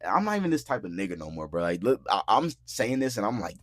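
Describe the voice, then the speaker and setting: Animated young man telling a wild story. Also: lowish voice, fast, no room sound, studio quality. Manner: animated, profane, acts out quotes loudly; frequent filler words like "bro" and "like". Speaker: podcast host. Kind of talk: casual storytelling. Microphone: podcast mic.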